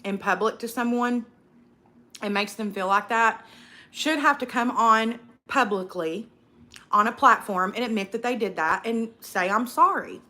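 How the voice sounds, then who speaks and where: A woman's voice: a little high, unhurried, sharp tone. A young woman hosting a casual eating livestream, outspoken and profane, ranting and reading viewer comments aloud. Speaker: livestream host.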